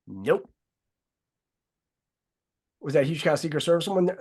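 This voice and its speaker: A man's voice: a little high, big pitch swings, fairly quick, long pauses. A man hosting a casual talk show, talking in long, heated, rambling runs and swearing freely. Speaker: host.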